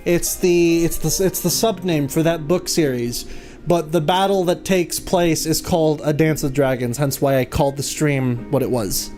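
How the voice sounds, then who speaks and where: A man's voice: fairly high pitch, fairly even intonation, normal speed, darkish tone, soft background music. Tired, joking male game streamer. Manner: joking, laid-back, chatting. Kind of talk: casual commentary.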